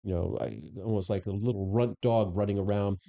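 A former police chief as a podcast guest, telling stories in casual conversation with frequent restarts. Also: male voice, lowish voice, brisk, creaky, highs cut off. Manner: animated storyteller who acts out quoted dialogue, frequent restarts. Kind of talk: casual interview storytelling.

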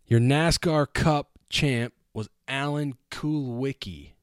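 A man's voice: mid-range voice, slow, smooth, no echo, clean studio sound. A man co-hosting a casual talk show, wry and laid-back as he ranks things and quizzes his friend. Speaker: podcast co-host. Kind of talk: casual banter.

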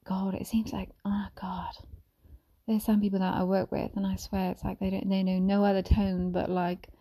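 Speaking fairly quickly in a flat, medium-pitched way, a mother offers her reflections in a soft ASMR manner, frequently dropping to a whisper. Her voice is dark and mellow with heavy vocal fry, and she wanders gently with many fillers and restarts.

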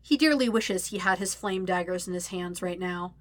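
A woman reading a story aloud as narrator, with steady, even storytelling. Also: lowish voice, moderate pace, no echo. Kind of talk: audiobook-style fan fiction reading.

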